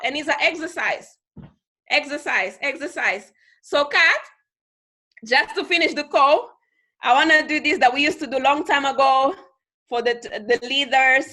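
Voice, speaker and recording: Speaking unhurriedly, a woman with a high, bright voice rallies her team over a video call as their leader. Her talk is heavily emphatic, with phrases repeated for effect and occasional squeaky-voiced impressions of other people.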